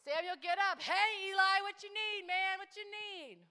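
A woman preacher voicing the young boy Samuel, talking in a casual, slangy, excited way. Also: extremely high pitch, normal speed, pitched above the performer's own voice. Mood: eager, puzzled. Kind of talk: sermon storytelling. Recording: long church hall reverb.

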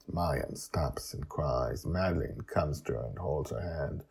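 Deep, husky man narrating a story podcast. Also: a little slow, darkish tone.

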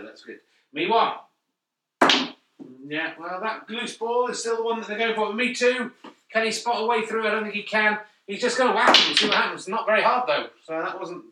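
A man giving deadpan, jokey mock snooker commentary. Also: sits high. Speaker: comedian doing mock commentary. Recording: echoey room, mic at a distance.

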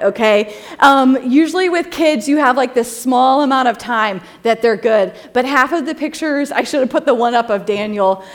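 A woman in her thirties giving a casual, humorous talk with slides, chatty and quick to laugh as she tells stories and acts out quotes. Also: a little high. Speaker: speaker presenting slides to a group.

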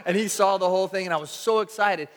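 A man preaching a sermon to a congregation, telling a story with animated energy and acting out his own shouts. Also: sits high, fast. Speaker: pastor. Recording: long hall reverb.

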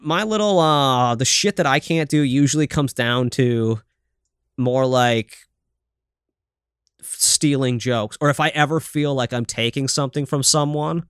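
A man's voice: medium pitch, measured pace, fairly bright tone, clear, resonant tone, no echo, clean studio sound. A man co-hosting a comedy podcast, chatting casually with loose, profane, laughing riffs. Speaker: podcast co-host.

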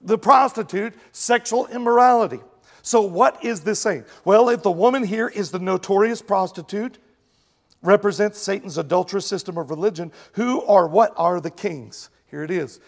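A pastor preaching a sermon, animated and jokey, who slips into mimicking other voices. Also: male voice, high voice, normal speed, vocal fry, in a large hall.

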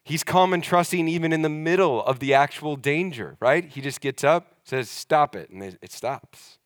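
A young adult man preaching a sermon to a church congregation, conversational and emphatic, slowing down to stress key words. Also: fairly high pitch, lively intonation, no room sound, clean studio sound. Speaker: pastor.

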